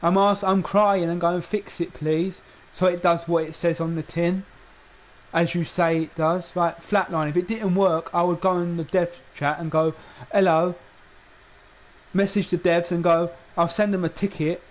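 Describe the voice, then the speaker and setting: A man's voice: high-pitched, little pitch movement, normal speed. A man, a gaming streamer, ranting in a heated, repetitive way and stumbling over his restarts. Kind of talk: unscripted ranting monologue.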